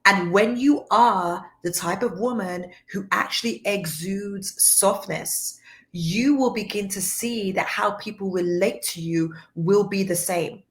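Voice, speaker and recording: A woman giving a livestream faith teaching, soft-spoken and earnest, repeating points for emphasis. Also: mid-range voice, slow. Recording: roomy echo.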